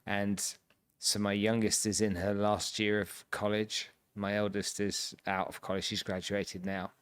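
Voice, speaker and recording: A man's voice: fairly low pitch, little pitch movement, measured pace, fairly bright tone, clear, resonant tone. A man, the host, talking thoughtfully and earnestly in a casual interview. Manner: earnest and thoughtful, rambling with fillers. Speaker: podcast host.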